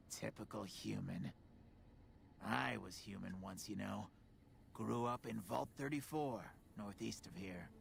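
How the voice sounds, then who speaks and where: An actor voicing a proud, neurotic male ghoul engineer in a video game, with a gravelly voice and a touchy, sardonic manner. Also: a bit bright, a little hiss or hum, exaggerated voice. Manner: proud and touchy, swings to shrill outrage.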